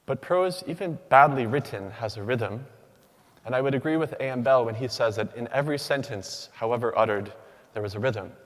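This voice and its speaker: A young man giving a prepared academic talk to an audience, speaking in a measured, rhythmic way with pauses between listed words. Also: mid-range voice. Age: young adult. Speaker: PhD candidate giving a symposium talk. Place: large lecture hall. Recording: long reverb of a large hall.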